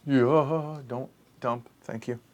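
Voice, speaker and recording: A man's voice: medium pitch, steady tone, slow pace. Man muttering counts through a board game. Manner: counting aloud under his breath while thinking; muttering, self-correcting. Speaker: board game show host.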